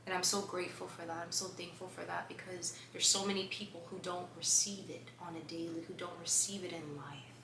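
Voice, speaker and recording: A woman's voice: lowish voice, fairly even intonation, fairly quick, vocal fry, hardly any pauses. A woman vlogger telling stories casually to the camera, chatty and full of fillers, laughing often. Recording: echoey room with faint background hum.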